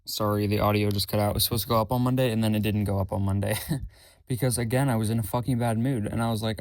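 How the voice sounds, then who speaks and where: A young man hosting his own podcast, chatting casually with a rambling, self-correcting, rather monotone delivery. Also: lowish voice, quick pace, dry recording. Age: young adult. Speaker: podcast host. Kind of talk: casual solo podcast chat.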